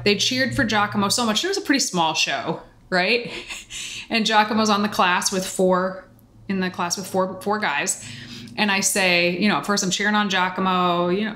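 A woman's voice: mid-range voice, pushed and bright. A woman co-hosting a podcast, telling chatty stories and drifting into tangents in casual conversation. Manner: chatty, tangent-prone storyteller. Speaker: podcast co-host.

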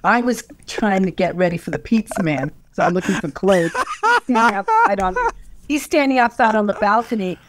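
Older woman telling a lively story. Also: medium pitch, moderate pace, noisy background. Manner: animated storyteller, acting out quoted voices. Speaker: interview guest. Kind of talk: storytelling in an interview.

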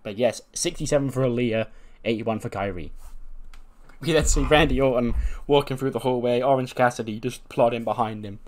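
A man's voice: mid-range voice, fairly quick, darkish tone. A man casually narrating a wrestling management sim game, rambling and correcting himself as he goes. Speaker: game commentator. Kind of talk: casual let's-play narration.

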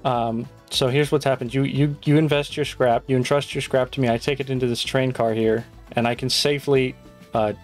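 A brash man talking in casual in-game chat, with the quick, pushy patter of a hustler making a pitch. His voice sits at an ordinary middle pitch, and faint game music plays behind him. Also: fairly even intonation. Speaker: gaming video creator.

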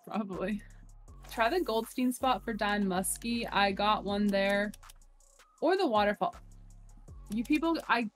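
A woman's voice: medium pitch, takes it slowly, long pauses, faint music behind. A woman streaming a game with friends, chatting loosely, swearing freely and reading out chat messages. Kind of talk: casual gaming stream chat.

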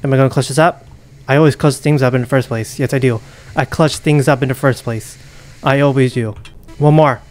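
A young man commentating a horror game as he plays, muttering, whispering and panicking with rapid repeats. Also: medium pitch, fairly even intonation, darkish tone. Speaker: gaming YouTuber. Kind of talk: live gameplay commentary.

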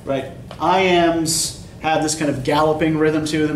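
Far from the microphone, an English instructor with a fairly high voice lectures on poetry quickly, barely pausing. He explains terms and repeatedly tags on "right?", with slight background noise in the echoey classroom.

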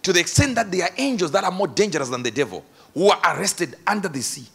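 Brief: animated preacher, male, husky and bright, acts out the story and shouts his points. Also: sits high, fast talker. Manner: dramatic storytelling, building to shouts. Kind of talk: sermon.

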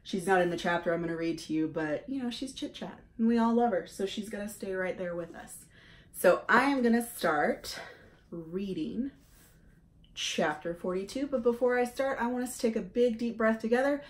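A woman reading a children's novel aloud to kids in a gentle, encouraging, unhurried way, as a teacher would. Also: mid-range voice.

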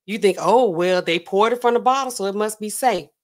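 A woman putting on the voice of a domineering, scheming male mogul, taunting in a low, mocking tone. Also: fairly quick, lightly acted.

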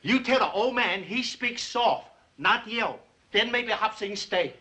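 Cast: a touchy ranch cook, very high voice, slow clipped broken English, 1950s TV western. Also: male voice, animated, sharp tone, full character voice. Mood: bargaining. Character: touchy male ranch cook, quick to quit.

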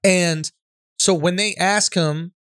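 A male podcast co-host in casual comedic chat, animated and swearing, often tagging "right?" onto his points. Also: sits high, takes it slowly, clean tone, no echo, studio quality.

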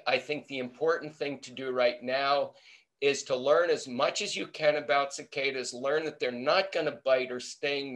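A middle-aged American man who teaches entomology shares a playful story during a webinar, acting out the quoted lines in a lively anecdotal style. His voice is mid-range and a bit bright.

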